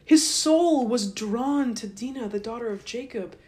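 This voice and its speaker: A woman's voice: on the high side, measured pace, dark tone. A woman host casually retelling a story in a chatty, irreverent, joking way. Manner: irreverent, chatty, swears lightly. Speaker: podcast host.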